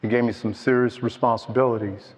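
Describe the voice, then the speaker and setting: An older man telling his own story at a recovery meeting, slow and halting, heartfelt. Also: mid-range voice, fairly even intonation. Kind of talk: personal testimony. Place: meeting hall. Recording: dull, with long hall echo.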